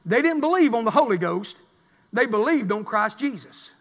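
A man's voice: extremely high pitch, very animated, normal speed, muffled recording. A man preaching a revival sermon in church, with a rhythmic, building cadence. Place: church sanctuary. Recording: long hall reverb.

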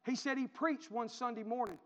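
Pastor, man, high-pitched and fervent, repeats his points, recorded dull in a reverberant sanctuary. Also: fairly quick. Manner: fervent, repetitive storytelling preacher. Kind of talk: sermon. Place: church sanctuary.

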